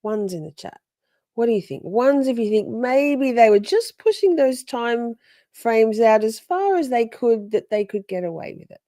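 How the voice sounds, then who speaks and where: Aussie lady chatting to her stream chat, teasing, mellow tone. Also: fairly high pitch, big pitch swings, normal speed, dry recording, studio quality. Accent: Australian. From Australia. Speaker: livestream host reacting to trial footage. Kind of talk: casual live chat commentary.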